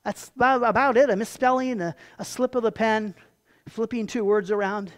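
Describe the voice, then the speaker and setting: A pastor preaching a sermon with animated storytelling and emphatic turns. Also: mid-range voice, normal speed.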